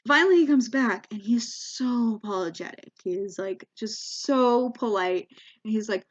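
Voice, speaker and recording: A woman's voice: medium pitch, normal speed, muffled recording. A young American woman telling a comic travel story, acting out voices and often restarting her sentences. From United States. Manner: animated, acts out quoted voices, frequent restarts. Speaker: comedian.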